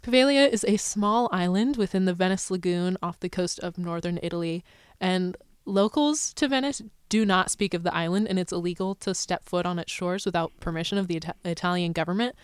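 A woman's voice: on the low side, clear, resonant tone, dry recording, studio quality. A woman co-hosting a podcast in casual chat, playful and sarcastic, often laughing. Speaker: podcast co-host.

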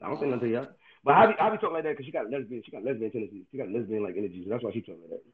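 A man telling crude stories in casual banter, loud and often laughing. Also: mid-range voice, expressive, racing, narrow, tinny audio. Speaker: participant in an online talk room. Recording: loud background noise.

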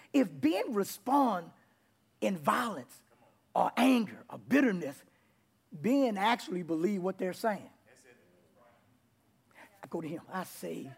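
Man, pastor preaching in church, husky voice, loud and animated. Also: high-pitched. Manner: animated preaching with shouts and laughs. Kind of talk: sermon. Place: church in front of congregation.

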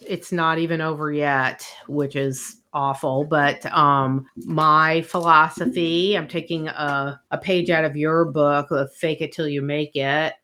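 A woman's voice: low-pitched, steady tone, unhurried, hardly any pauses, sharp tone. A middle-aged woman co-hosting a podcast with her daughter, talking candidly and emotionally and laughing often. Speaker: podcast co-host, mother. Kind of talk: casual chat.

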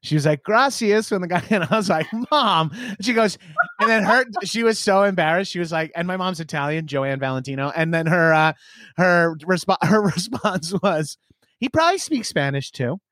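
A man in his late thirties, originally from Long Island, chatting as a comedian guest on a podcast. His voice sits a little high and comes across dry and close, with no room around it. He rambles, jokes and acts out quoted voices with a laugh. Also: fairly quick, fairly bright tone, no room sound. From Long Island, New York. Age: 30s. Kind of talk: casual podcast chat.

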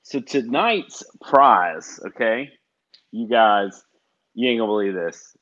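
A man's voice: lowish voice, animated, takes it slowly, a bit bright. A man, co-hosting a casual show, reading listener jokes and laughing at his own puns. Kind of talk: casual radio-style chat. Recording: dull lo-fi audio.

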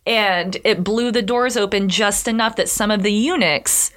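A woman co-hosting a podcast, telling a history story in casual chat, animated and swearing often as she acts out the people in it. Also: mid-range voice. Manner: animated, swears often, acts out characters in quick quoted voices.

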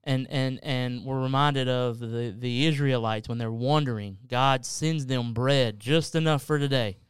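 A podcast co-host explains Bible verses in a casual yet earnest Bible study discussion, drawing on everyday examples. His medium-pitched voice is steady and clean, a touch slow, recorded with no room sound.

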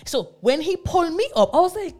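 A woman, co-hosting a casual group chat show and telling a personal story with lively, acted-out quotes. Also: brisk, faint music behind. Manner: animated storyteller, acts out quoted lines in a much higher voice. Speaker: podcast co-host.

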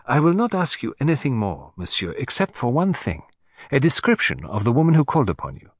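A man voicing a fussy, precise Belgian detective who speaks in a measured, lightly ironic way. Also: medium pitch, huge pitch swings, no room sound, clean studio sound.

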